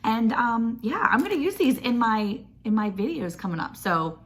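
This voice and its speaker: A woman, chatting excitedly and gushing as she unboxes a package for her vlog. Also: on the high side, normal speed. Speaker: homestead vlogger. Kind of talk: casual unboxing chat.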